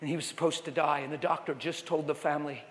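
A man preaching a sermon to a live audience, telling stories with lively acted-out voices and cries. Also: fairly high pitch, quick pace, a little hiss or hum. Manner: animated storytelling, acting out voices and wailing. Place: large hall with audience. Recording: long hall reverb.

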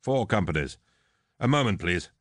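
A man's voice: on the low side, expressive, moderate pace, dry recording, studio quality. A man voicing a brash, mocking warrior captain who barks orders and taunts a rival. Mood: commanding. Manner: cocky, sarcastic, commanding.

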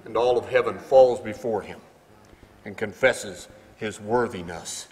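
A man preaching a sermon, his delivery swinging between quiet stretches and loud, emphatic climaxes. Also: lowish voice, measured pace. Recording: long hall reverb.

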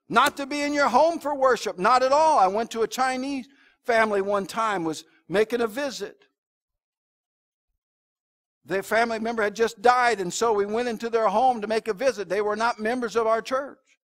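Emphatic high-voiced man preaching. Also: fairly bright tone. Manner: conversational preaching with emphatic rises, anecdotes and asides to the congregation. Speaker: pastor. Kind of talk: sermon. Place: church sanctuary.

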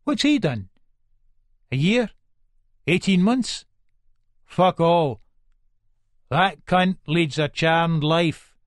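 A man's voice: a little high, expressive, extremely slow, pauses often, dry recording, studio quality, voice pushed up. A man with an Edinburgh Scots accent voicing a resentful, suspicious ex-con from Leith in an audiobook. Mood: aggrieved. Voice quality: aggrieved, insinuating.

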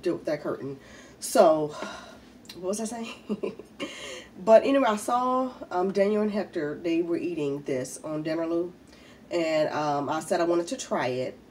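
Woman, casual mukbang chatter, slightly low voice, congested, distant mic, faint room noise. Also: measured pace, a little mellow. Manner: chatty, talks while eating. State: congested from a head cold. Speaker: mukbang vlogger.

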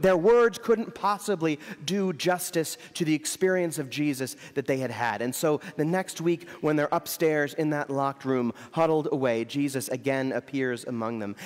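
A man's voice: a little high, in a large hall. A man preaching an Easter sermon in a church, conversational in tone and repeating words for emphasis. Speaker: Episcopal priest preaching.

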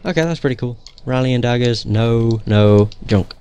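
A man's voice: mid-range voice, moderate pace, mellow, clear, resonant tone. A young man giving casual gameplay commentary in a joking, profane, sarcastic way.

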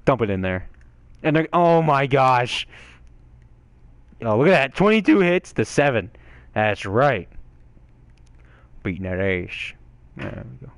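A young man giving excitable gameplay commentary, swearing and yelling at the game. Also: medium pitch, no echo. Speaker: gaming channel host.

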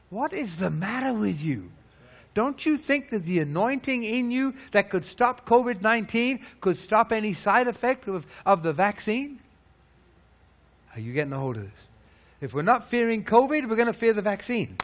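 A man preaching a sermon, firing rhetorical questions and swinging from loud peaks to low, hushed lines. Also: animated, normal speed. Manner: emphatic, hammering rhetorical questions.

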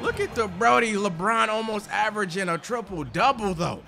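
A man giving hyped gameplay commentary, shouting and trash-talking at the game. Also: high voice, sing-song, normal speed, creaky. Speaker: gaming video creator. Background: music.

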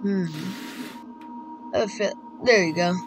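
A woman's voice: mid-range voice, slow. A young woman doing casual game roleplay commentary, playful, humming little sound effects and breaking into sudden squeals. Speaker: roleplay gamer. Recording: game music underneath.

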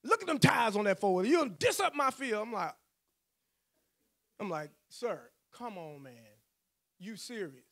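A man's voice: high-pitched, big pitch swings, measured pace, long pauses, a bit bright. A male pastor, telling a personal story in a sermon, acting out the voices he quotes and laughing often.

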